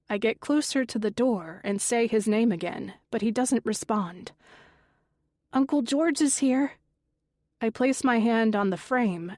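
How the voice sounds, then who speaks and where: A woman reads a suspense audiobook in the first person, steady and even. She sits close to a studio microphone in a dead, dry booth with no room sound. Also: mid-range voice, no room sound. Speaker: audiobook narrator. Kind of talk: first-person thriller narration.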